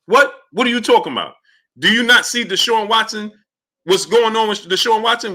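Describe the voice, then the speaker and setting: Guy on a live stream calling out chat names, bright forceful voice, gets heated. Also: sits high, lively intonation, normal speed. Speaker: livestream host.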